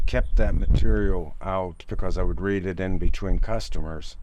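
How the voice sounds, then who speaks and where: Older man, barber, low deep voice, opinionated rambler, noisy shop recording. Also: normal speed. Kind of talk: casual interview. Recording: noisy background.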